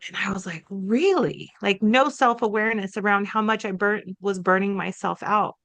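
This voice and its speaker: A woman co-hosting a podcast, telling a personal story in a chatty, animated way and acting out quotes from herself and others. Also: medium pitch, fairly quick, dry recording. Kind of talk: casual conversational storytelling.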